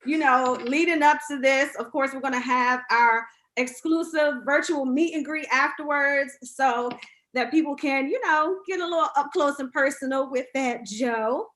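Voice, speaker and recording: A woman's voice: sits high, moderate pace, fairly bright tone. A woman hosting a casual interview over a video call, upbeat and laughing often. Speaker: radio show host.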